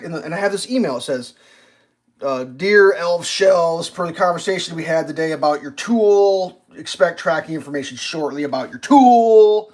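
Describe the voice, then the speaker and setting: A man's voice: fairly high pitch, animated, normal speed, darkish tone. A man livestreaming, telling a long exasperated story about customer service, swearing freely. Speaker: live streamer. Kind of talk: casual livestream rant.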